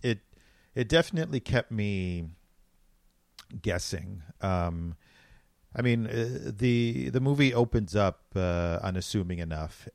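American man, low voice, easygoing and reflective, with a dry close sound. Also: no echo. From United States. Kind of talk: casual film discussion.

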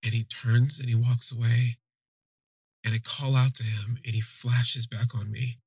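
Very husky man, flat storytelling. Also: medium pitch, no room sound. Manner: halting, emotional retelling. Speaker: podcast host. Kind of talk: personal storytelling.

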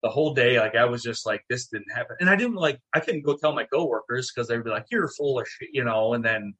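A man's voice: mid-range voice, fast talker, breathy edge. Middle-aged guy telling a wild story, lots of ups and downs in his voice, swears a lot. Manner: animated, swearing, acts out quotes. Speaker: guest, town mayor. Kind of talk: casual storytelling.

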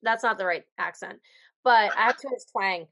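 A woman's voice: mid-range voice, normal speed, creaky, a bit bright. A woman co-hosting a casual chat, talking in a playful, joking way.

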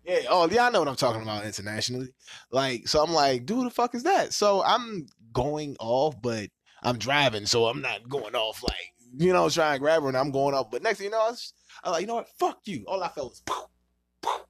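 Animated, profane male podcast host. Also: brisk. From Washington, D.C. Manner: animated, profane, acts out quotes with big pitch jumps. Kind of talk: casual storytelling chat.

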